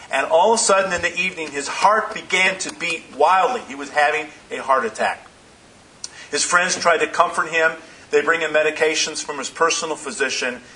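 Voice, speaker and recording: A man preaching a sermon as pastor, in measured phrases that slow down for emphasis. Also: fairly high pitch, bright, forceful tone, poor audio.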